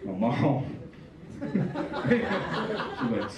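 On a comedy club stage, a male stand-up comedian with a high, lively voice performs a set of animated stories with acted-out voices. He takes it slowly and pauses often. The recording is echoey and distant-miked, with the highs cut off and audience noise in the background.

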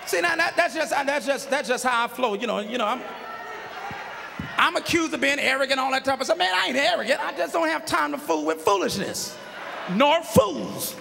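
A man preaches with a very high, gravelly voice, shouting his points and joking in everyday speech. His tone is forceful, and the live church recording carries a long hall echo with a faint congregation behind him. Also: lively intonation, brisk, a crowd in the background, background noise. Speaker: pastor. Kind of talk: sermon. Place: large church sanctuary with a congregation.

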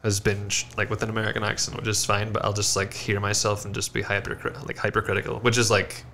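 Man, podcast guest, gravelly, lowish, halting casual talk, faint background noise. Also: completely flat delivery, bright, forceful tone. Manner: halting, with many restarts and filler words. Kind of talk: casual chat.

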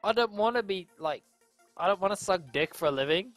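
A man's voice: high-pitched, expressive, brisk, fairly bright tone, no room sound, soft background music. A young man chatting crudely and joking with friends over voice chat while streaming a game, laughing often. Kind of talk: casual chat with friends on voice call.

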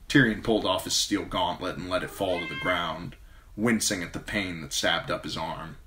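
A man narrating a fantasy audiobook as an amateur reader, in a steady storytelling manner. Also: low voice, normal speed, a little hiss or hum.

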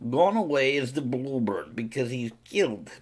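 A boastful, vodka-soaked Siberian, put on by a man rambles in broken English with a thick Russian accent. His deadpan jokes swing up and down in a lively, animated pitch over a mid-range voice. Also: normal speed, slightly rough. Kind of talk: comedic character monologue on a live stream.

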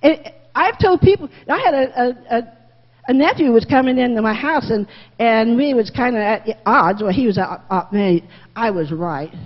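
A woman leads a Sunday school lesson in a church. Her husky, middle-pitched voice stays folksy and candid, circling back over her own phrases. The recording is muffled, and the room's echo lingers. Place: church classroom. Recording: muffled reverberant room recording.

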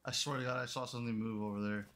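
A male streamer playing a horror game live, jumpy and nervous. He swears often and blurts reactions. His voice is bright and forceful at a middle pitch. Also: steady tone, very fast, slight background noise. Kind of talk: live horror gameplay commentary.

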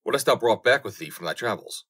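A man's voice: on the low side, expressive, quick pace, fairly bright tone. A man voicing an old, doubtful tailor father in a storybook reading, with a skeptical, scoffing manner.

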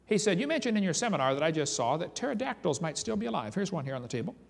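A man's voice: high-pitched, racing, gravelly. A man giving a creation seminar as a lecture full of dramatic storytelling, reading eyewitness accounts aloud with emphasis. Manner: animated, reads eyewitness quotes aloud with emphasis. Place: large hall or church. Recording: long reverb from a hall.

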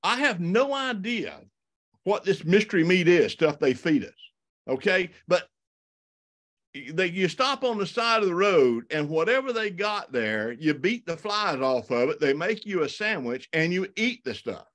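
Southern man, slightly high voice, folksy presenter who tells stories and stumbles over his words for a live audience. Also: unhurried. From South Alabama and North Florida. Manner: folksy, animated, many restarts and repeated words. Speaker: wildlife photographer giving a talk. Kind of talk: storytelling slide presentation.

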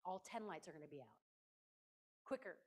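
A woman's voice: on the low side, animated, brisk, a little mellow. A woman preaching a conversational sermon in a church, playful and emphatic, often stopping to speak directly to her listeners.

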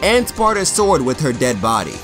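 Dude doing a crude funny game recap, voice jumps all over, some music under it. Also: male voice, medium pitch, very animated, moderate pace, fairly bright tone. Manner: profane, joking, acts out characters. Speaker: co-host. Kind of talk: comedic game story recap.

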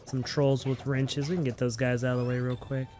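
A man's voice: mid-range voice, level tone, a little fast, dark tone, soft background music. A man hosting a gaming channel, giving upbeat, chatty let's-play commentary and talking playfully to his viewers.

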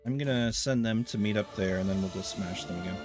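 A man's voice: lowish voice, quick pace, darkish tone, soft background music. A man hosting a strategy game let's play, making wry, rambling commentary full of fillers and asides. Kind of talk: casual gameplay commentary.

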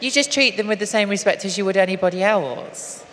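Woman guest, mid-pitch, earnest and halting, live stage with hall echo and faint hiss. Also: fairly bright tone. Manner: earnest, halting with frequent restarts. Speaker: activist and guest. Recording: long hall reverb, faint noise.

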